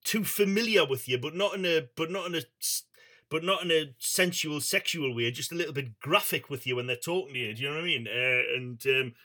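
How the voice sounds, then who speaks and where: Man, middle-aged, radio host, casual rambling chat, swears freely, fairly high voice. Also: brisk, pushed and bright.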